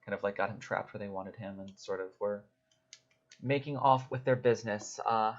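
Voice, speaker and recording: A man's voice: fairly low pitch, normal speed. A man narrating a tabletop game as game master, hesitant and full of fillers. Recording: dull lo-fi recording.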